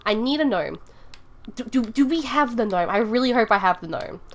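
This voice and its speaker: A woman on a live stream chats casually with her viewers in a slightly high voice. She rambles and giggles as she thinks aloud while building in a game. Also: expressive, normal speed. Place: home room.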